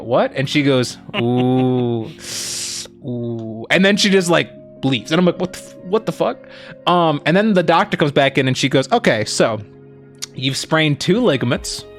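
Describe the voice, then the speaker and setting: A man casually telling a long story on a stream, rambling with lots of fillers and quoting the people he met, animated as he retells it. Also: a little high. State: injured foot, on crutches. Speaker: streamer co-host.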